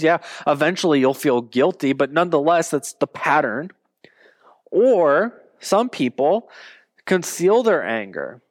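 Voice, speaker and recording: Guy pastor preaching, kinda high voice, earnest, slows way down on the big lines, dry close sound. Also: no room sound. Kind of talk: sermon.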